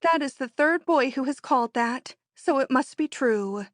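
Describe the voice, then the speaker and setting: A woman reading an audiobook, voicing an excitable young society woman who speaks in high, emphatic exclamations. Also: normal speed, no room sound, studio quality. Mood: impatient. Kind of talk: audiobook character voice.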